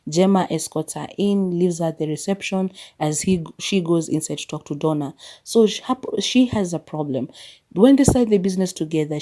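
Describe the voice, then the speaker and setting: A woman's voice: low voice, mellow. A woman hosting a podcast, chatting casually and giving her frank opinions in a movie review. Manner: chatty, opinionated, laughs often. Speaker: podcast host.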